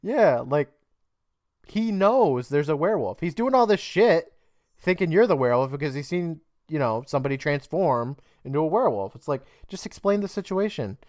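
Chatting casually about a TV episode, an American co-host with a voice on the high side sounds very animated and a little mellow at a normal pace. He laughs frequently and acts out what the characters say. Studio-quality recording with no room sound.

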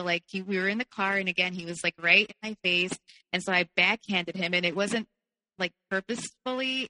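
Bright-voiced woman in a reverberant hall. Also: lowish voice. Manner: candid, heavy use of "like". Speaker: podcast guest. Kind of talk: personal storytelling.

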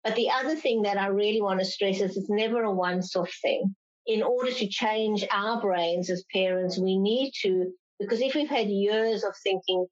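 A woman's voice: mid-range voice, normal speed. A woman clinical psychologist answering interview questions, explaining patiently and sometimes acting out parents' complaints in a raised voice. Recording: slightly dull lo-fi sound.

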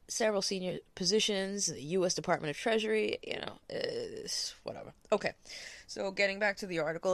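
A woman's voice: medium pitch, fairly quick, no room sound. A woman hosting a solo podcast, reading blog posts aloud and breaking off with blunt, profane, scornful remarks. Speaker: podcast host.

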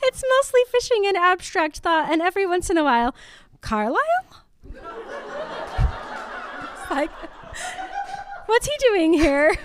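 A woman's voice: very high voice, expressive, measured pace, long pauses, noisy background. A young woman co-hosting a podcast in casual chat, teasing and giggling with exaggerated disbelief. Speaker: podcast co-host.

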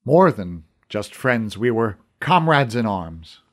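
A man voicing an old, troubled archer who speaks slowly, in a low and halting way. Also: big pitch swings. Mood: wistful. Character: old troubled male archer, gruff and brooding.

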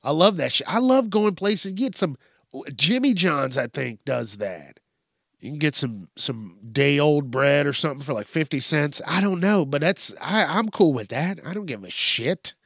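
A man with a fairly high, animated voice, some vocal fry, and a slightly bright sound speaks at normal speed on a dry, studio-quality recording. As host of a casual news podcast, he sits at a microphone on a stand in his home studio, rambling, cursing, and using plenty of fillers.

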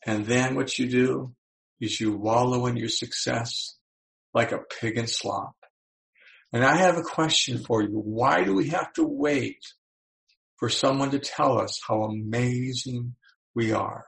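A male motivational speaker with a gravelly, creaky voice at an ordinary pitch. He addresses his audience directly and keeps it animated. He slips into little acted-out voices to make his points. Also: measured pace, poor audio. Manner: animated, acts out quoted voices.

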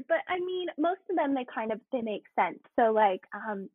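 An American woman working in theme park entertainment, chatting in an interview, self-deprecating and quick to laugh. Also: on the high side, sing-song, husky, no room sound. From United States. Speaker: guest, theme park entertainment cast member. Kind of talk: casual interview. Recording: tinny phone-like line.

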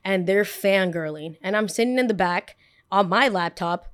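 A woman's voice: medium pitch, normal speed, smooth. A woman in her twenties, hosting a podcast and telling a personal story in a casual, chatty way full of "like" fillers. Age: 20s. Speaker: podcast host.

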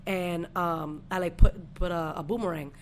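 A woman's voice: fairly low pitch, normal speed, a little hiss or hum. Woman telling a story, lots of swearing. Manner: profane, animated storytelling. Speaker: podcast host. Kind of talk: casual storytelling chat.

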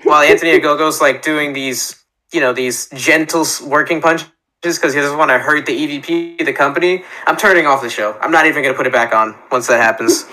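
Casual male podcast co-host: bright tone, a bit high, joking and animated. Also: brisk, poor audio. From Florida. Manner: joking, animated, acts out mock dialogue. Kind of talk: casual chat.

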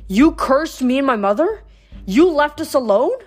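A woman's voice: high-pitched, big pitch swings, normal speed, voice pushed up. A woman voicing an upset thirteen-year-old girl. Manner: shouting, upset.

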